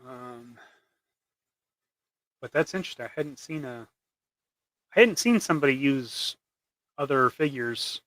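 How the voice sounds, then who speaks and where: A man's voice: medium pitch, lively intonation, unhurried, long pauses, a bit bright, dry recording. Rambling man chatting on a hobby livestream. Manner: rambling, trailing off into mumbles. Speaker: livestream host making custom action figures. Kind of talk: casual livestream chat while working.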